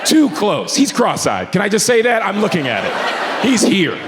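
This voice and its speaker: A male stand-up comedian telling a story on stage in an animated, profane way, with asides to a live audience. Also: sits high, normal speed, over a noisy crowd, heavy background noise. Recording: echoey venue with audience laughter.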